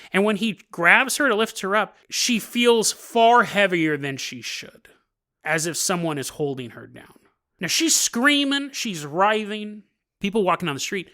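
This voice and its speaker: A man hosting a podcast, telling a story casually with joking asides and quick laughs. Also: high voice, animated, bright, forceful tone. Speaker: podcast host.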